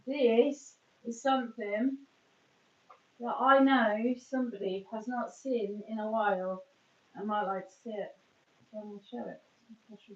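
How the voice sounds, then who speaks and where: Her voice sits at medium pitch as she streams live, chatting and rambling over her makeup routine and often breaking off mid-thought. There's a little hiss or hum, and the sound is dull, roomy and far from the mic.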